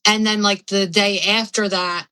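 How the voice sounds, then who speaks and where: A woman's voice: mid-range voice, steady tone, unhurried, sharp tone, low-quality recording. A young adult woman telling her own story candidly as a podcast guest, rambling and frank with lots of fillers and swearing.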